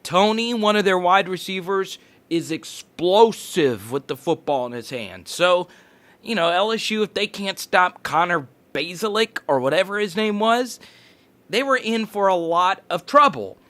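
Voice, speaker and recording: A man hosting a sports channel, giving energetic, fast-talking commentary and sometimes correcting himself mid-sentence. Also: high voice.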